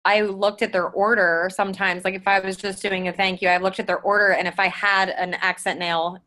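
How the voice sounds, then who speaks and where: A woman's voice: mid-range voice, little pitch movement, fairly quick, sharp tone. A woman chatting casually on a team call, rambling with lots of fillers and restarts as she shares tips. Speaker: team member sharing tips.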